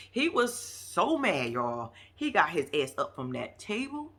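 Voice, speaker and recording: A woman recaps a reality show episode in a loose, casual commentary. Her voice is bright and sharp, and she's blunt and profane, scolding the cast as she goes. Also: mid-range voice, big pitch swings, moderate pace, husky.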